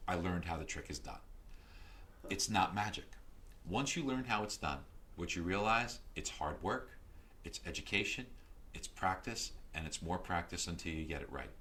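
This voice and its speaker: A middle-aged man as a podcast guest, telling stories in a lively, animated way that grows loud and excited. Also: deep voice, normal speed. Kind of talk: casual interview storytelling.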